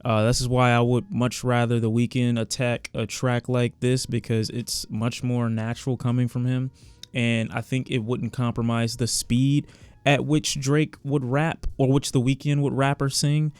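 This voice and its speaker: A man talks through his casual reaction to new songs, candid and quick with sarcastic asides. His voice is smooth and clear at a middle pitch. It is recorded close up and dry. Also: a little mellow, no room sound. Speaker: music reviewer.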